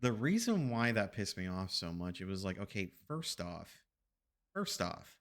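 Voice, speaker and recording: A man's voice: low-pitched, very animated, a little slow, fairly bright tone. A man streaming games, telling a story casually with rambling, profane asides to his chat.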